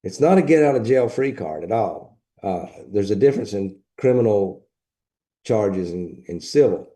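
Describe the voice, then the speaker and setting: Male instructor, dark low voice, plain repetitive lecture delivery. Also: expressive, moderate pace. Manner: plain, matter-of-fact, repeats points. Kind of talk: recorded lecture.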